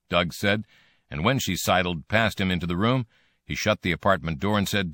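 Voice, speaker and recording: A man narrating an audiobook with wry, animated storytelling. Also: sits low, normal speed, no room sound, studio quality. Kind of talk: scripted narration.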